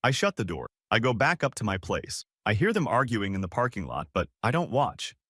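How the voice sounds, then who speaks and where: A man's voice: lowish voice, very animated, brisk, fairly bright tone, breathy edge, dry recording, studio quality. A young man narrating a first-person story in a blunt, defiant way.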